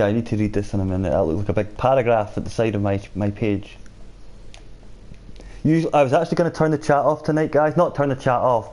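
While playing a shooter game on a live stream, a man chats casually with his audience, reading out and answering their comments. His voice is lowish and mellow.

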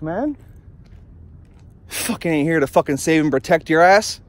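Holding his phone, a young man vlogs from his car at night in an angry, profane rant, cursing nonstop and starting sentences over. His voice sits high with lively intonation and a moderate pace, and the recording is dry.

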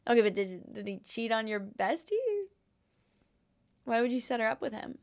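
A woman's voice: on the high side, steady tone, normal speed, vocal fry. A young woman hosting a podcast, reading out listener questions and giving casual, jokey advice full of fillers and asides.

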